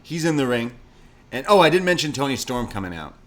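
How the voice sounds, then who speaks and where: A man's voice: mid-range voice, sing-song, a little fast. A man co-hosting a live wrestling watch-along, chatting casually, laughing often and retelling what happens on screen. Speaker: livestream co-host.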